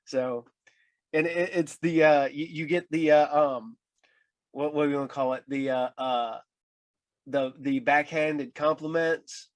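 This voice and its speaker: A podcast host asks his questions haltingly, tripping over restarts and fillers before he gets there. His voice sits slightly high for a man, and the recording is close and dry, with no room sound. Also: fairly even intonation, no echo. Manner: halting, many repeated starts and fillers. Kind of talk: casual interview. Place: at home with his dog.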